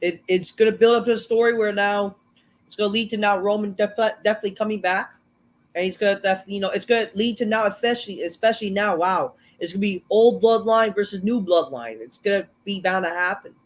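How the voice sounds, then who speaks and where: A man's voice: sits high, a little fast. A man hosting a casual review of a wrestling show, rambling and swearing. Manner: rambling, profane, full of fillers and restarts. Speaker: show host.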